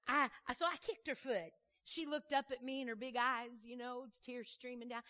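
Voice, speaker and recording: A woman preacher with a slightly high voice delivers a sermon as a story. She talks in a lively, chatty way, uses folksy turns of phrase and keeps throwing questions out to the congregation. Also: normal speed. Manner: animated, conversational, asks the crowd questions.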